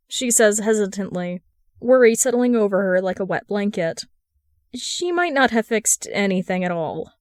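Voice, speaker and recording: A woman reading a fan fiction audiobook in a steady, even narration. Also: medium pitch, moderate pace, no room sound, studio quality. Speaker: podfic reader.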